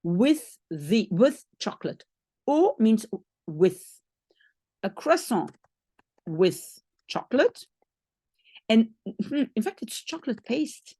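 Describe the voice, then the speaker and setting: Slow, husky woman teacher. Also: on the high side, big pitch swings, mellow, no echo, studio quality. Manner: patient, step-by-step explaining with frequent rephrasing. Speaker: language teacher. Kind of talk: explaining a French lesson to one learner.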